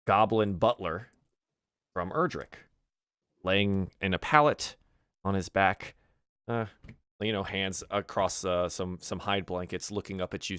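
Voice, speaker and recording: A man's voice: low-pitched, a bit bright, smooth, no room sound, clean studio sound. A man narrating as game master of a tabletop game, rambling and full of fillers and restarts.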